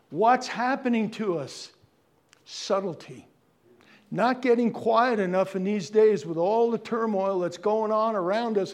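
High-voiced preaching pastor, loud to hushed. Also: male voice. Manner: swings from loud, drawn-out preaching to hushed near-whisper; earnest, pleading, conversational. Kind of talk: sermon.

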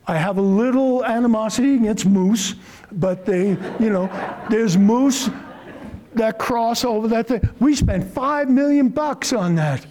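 A middle-aged man preaching with fervor, his voice sitting high for a man. He drives points home with force, then eases into slow, soft asides. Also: rough recording. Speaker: pastor. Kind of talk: sermon.

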